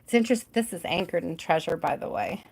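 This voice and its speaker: A woman's voice: fairly low pitch, quick pace, darkish tone, husky. A woman hosting a live tarot reading stream, chatty and giggly, often trailing off mid-thought.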